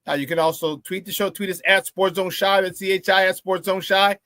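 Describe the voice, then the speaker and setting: A man hosting a morning sports talk show, hyping up viewers in a playful, lively way and often breaking into laughter. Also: high-pitched, brisk, dry recording. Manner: hype, playful, talks to the chat and laughs often. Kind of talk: upbeat morning show chat.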